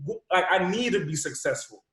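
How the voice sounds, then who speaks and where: A man from Rhode Island, a podcast guest and motivational speaker, telling a personal story with high energy, repeating words and acting out dialogue. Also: expressive, fairly quick, fairly bright tone. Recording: roomy echo.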